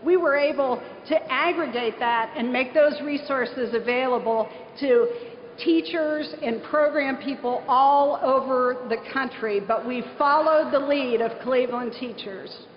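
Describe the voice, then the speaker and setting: A middle-aged woman from southern Ohio delivers an earnest, story-driven keynote at a conference. Her voice sits a little high and rings out in a large echoing hall. The recording is muffled, with a faint hiss underneath. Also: measured pace. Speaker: nonprofit leader giving a conference speech. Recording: echoey hall, dull lo-fi sound, faint hiss.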